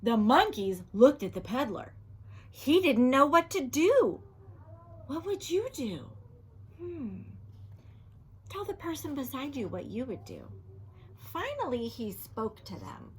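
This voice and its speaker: A woman teacher reading a children's storybook aloud, animated, asking the children questions and sometimes dropping to a whisper. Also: sits high, takes it slowly, pauses often, husky.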